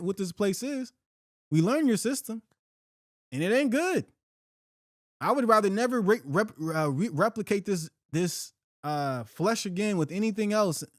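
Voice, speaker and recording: A man's voice: sits high, no room sound. Give me a heated, profane podcast host, a middle-aged man, recorded dry and close. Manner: heated, profane, rambling with restarts and slang. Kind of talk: unfiltered solo talk.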